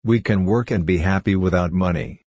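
A man reading the lines of a kind, cheerful young woman in a storybook, calm and comforting in a low voice. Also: moderate pace, no room sound.

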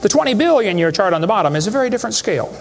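A man's voice: sits high, sing-song, very fast, a little hiss or hum. A man speaking to a live audience, giving a humorous lecture in a folksy, joking way with rhetorical questions.

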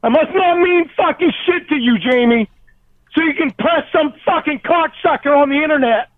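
Man on the phone, high and strained, sobbing through a jealous, profanity-filled rant; tinny line. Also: moderate pace, no room sound. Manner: jealous, swearing nonstop, accusing. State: crying, voice cracking. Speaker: angry caller.

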